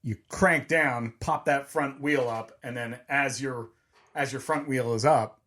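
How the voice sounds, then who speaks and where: A middle-aged man trades banter as a podcast co-host, cracking up at his own jokes as he talks. His voice sits at an ordinary pitch for a man. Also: measured pace, a bit bright. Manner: jokey, laughs often while talking. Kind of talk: casual chat.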